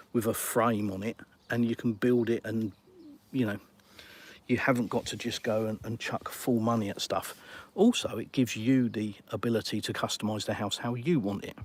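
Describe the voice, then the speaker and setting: A man's voice: on the low side, steady tone, normal speed. A middle-aged Englishman chatting casually on a live stream, reading viewer comments and calling people mate. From England.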